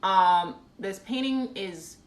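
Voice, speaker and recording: A woman's voice: mid-range voice, slow. A woman painter chatting on a live phone stream, rambling casually with lots of ums and reading viewer comments aloud. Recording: echoey room.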